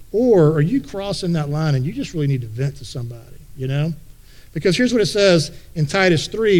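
A man's voice: a little high, a little mellow. A male pastor preaching a conversational sermon in a folksy way, often repeating words as he thinks aloud.

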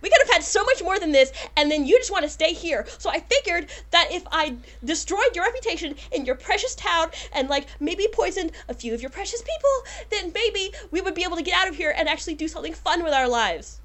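A woman's voice: very high-pitched, animated, fast talker, few pauses, a bit bright, voice pushed up. A woman voicing a spoiled, scheming young noblewoman in a tabletop game, whiny and dramatic. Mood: petulant.

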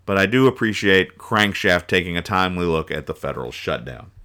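Male podcast host, lowish and bright, sarcastic rambling comics reviewer. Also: animated, a little fast. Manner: rambling, sarcastic, chuckling asides. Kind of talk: casual comedic comics review.

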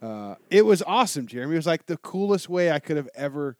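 A man's voice: a little high, quick pace, no room sound. Swearing storyteller man, dry close sound. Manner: animated storytelling, heavy swearing and "dude". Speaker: guest telling a travel story. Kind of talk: casual chat.

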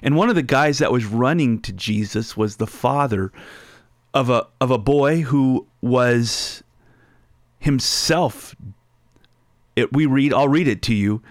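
A man's voice: mid-range voice, slow, no echo, clean studio sound. A man preaching a sermon, reading scripture aloud and explaining it line by line. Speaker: pastor.

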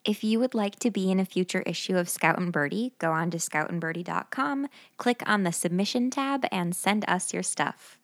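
Woman cohost reading the outro, kinda gravelly, very dry. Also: lowish voice, moderate pace, hardly any pauses, no echo. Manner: plain, announcing sign-off info. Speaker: podcast co-host. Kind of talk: scripted outro.

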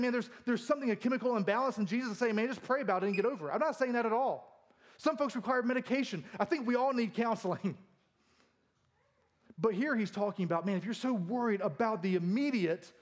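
High-voiced joking male preacher. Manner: jokey, self-deprecating, laughs often. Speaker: pastor. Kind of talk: humorous sermon.

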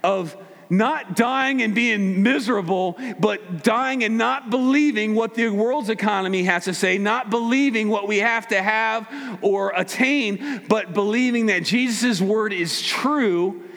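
A man preaching a conversational sermon to his congregation, acting out quick voices as he makes his points. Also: high-pitched, gravelly, in a large hall. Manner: conversational, animated, acts out voices. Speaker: pastor.

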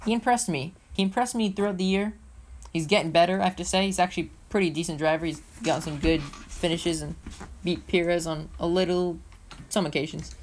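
A woman with a fairly low voice co-hosts a laid-back racing podcast. She talks in an excitable, playful ramble, full of restarts and asides. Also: fairly quick, a little hiss or hum. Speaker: co-host. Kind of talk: casual motorsport podcast chat.

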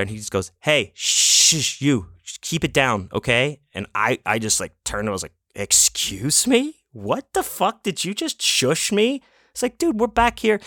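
A man talks alone into his podcast mic in a low-pitched voice, recounting things in a loose, rambling way and swearing freely. The sound is dry and close, with no room echo. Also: a bit bright. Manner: rambling, profane, loose storytelling. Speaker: podcast host. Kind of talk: casual solo podcast recap.

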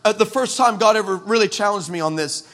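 A man from El Paso preaching a comic storytelling sermon, animated and sarcastic, with many stammered restarts. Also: high-pitched, a little fast. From El Paso, West Texas, USA. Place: church.

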